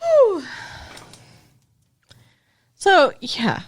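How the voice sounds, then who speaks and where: A woman's voice: extremely high pitch, huge pitch swings, drawn-out words. A woman co-hosting a podcast, recapping a TV episode in casual chat, chatty and giggly, saying "like" a lot. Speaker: podcast co-host.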